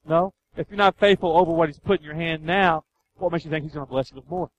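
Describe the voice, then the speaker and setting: A male pastor delivering a sermon in a fairly high voice. He hammers points home by repeating them and briefly mimics the excuses people give. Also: fast talker, dull audio, slight background noise. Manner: emphatic, repeats key lines, acts out excuses.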